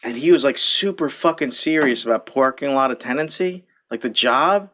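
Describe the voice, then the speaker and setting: A man's voice: mid-range voice, normal speed, bright, forceful tone. A man hosting a podcast, telling profane, rambling stories in casual chat and laughing often. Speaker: podcast host.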